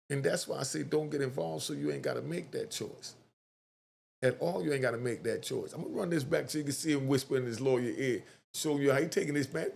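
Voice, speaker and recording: A man hosting a casual online commentary, talking straight to his viewers in an animated way and acting out quotes. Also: a little high, vocal fry, slight background noise.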